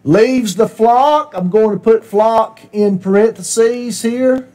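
High-voiced man teaching a class. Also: slow pace, warm tone. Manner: conversational, asks class questions and repeats their answers. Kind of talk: interactive Bible class teaching. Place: church classroom.

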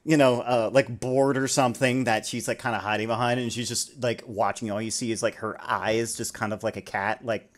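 A man's voice: mid-range voice, steady tone, a little fast, hardly any pauses. Rambling, casual man running a tabletop game. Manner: rambling, casual narration with many fillers and swearing. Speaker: game master.

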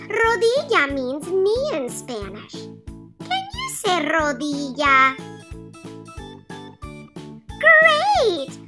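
A woman doing a squeaky cheerful girl puppet. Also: heavily acted. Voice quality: sing-song, bouncy and encouraging. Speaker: teacher. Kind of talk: children's puppet lesson. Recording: children's music playing behind.

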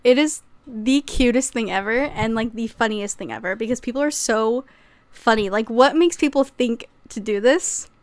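A woman's voice: on the high side, normal speed, dry recording. A young woman vlogging casually to camera about crochet patterns, chatty and prone to fits of laughter. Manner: giggly, bursts into laughter, says okay often.

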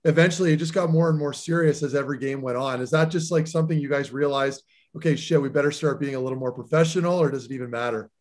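A man in his thirties, a podcast co-host and former player, telling animated stories and asking questions. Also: on the high side. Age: 30s. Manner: rapid, animated storytelling. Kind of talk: casual interview chat.

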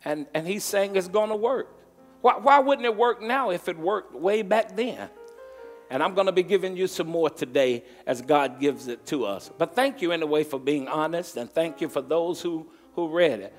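A man's voice: on the high side, faint music behind. A man preaching a sermon as pastor, stretching out stressed words and calling on the congregation to answer. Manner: emphatic preaching, drawn-out stressed words, call and response. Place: church sanctuary. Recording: long reverb from a large hall.

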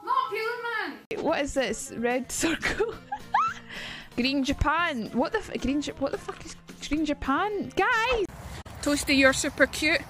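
A young woman livestreaming and chatting casually, excitable and sweary, breaking into shrieks. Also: high voice, normal speed, hardly any pauses, over music.

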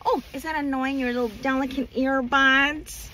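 A woman's voice: sits high, steady tone, moderate pace, bright, forceful tone, slight background noise. A woman ranting furiously to camera, swearing a lot and hammering her points home. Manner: furious, profane, emphatic. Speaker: vlogger. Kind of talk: angry rant to camera.

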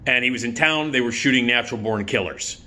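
Man in his fifties, rambling vlog storyteller, forceful bright voice, swears freely. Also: mid-range voice, fast talker. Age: 50s. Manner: rambling, profane, lots of filler words. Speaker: YouTube host.

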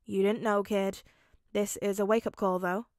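A woman voicing a stern, worried man who is a teenager's father figure, in a fan audiobook reading, commanding and gruff. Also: mid-range voice, level tone, moderate pace, darkish tone, no room sound, clean studio sound, natural voice. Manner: commanding, then gruffly tender.

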